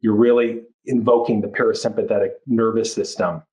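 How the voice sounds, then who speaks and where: A man's voice: on the low side, steady tone, fairly quick, darkish tone, rough recording. A man speaking as a life coach in a podcast interview, talking in an earnest, reflective way and often restarting his phrases. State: moved, near tears.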